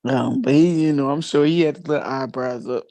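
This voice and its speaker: A woman's voice: moderate pace, no room sound. A woman chatting casually, telling a funny story with lots of laughter and acted-out quotes. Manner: laughs often, acts out quotes in a high excited voice. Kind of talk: casual chat, animated storytelling.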